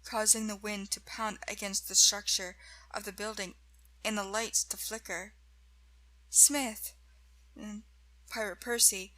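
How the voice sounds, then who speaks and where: A woman slowly narrating a first-person horror story in a measured way. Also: mid-range voice, pushed and bright, low-quality recording.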